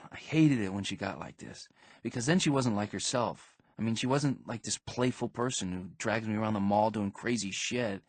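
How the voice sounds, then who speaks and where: A man's voice: lowish voice, moderate pace, no room sound. A man narrating a first-person audiobook in a rambling, slangy teenage manner. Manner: slangy, rambling teen storytelling.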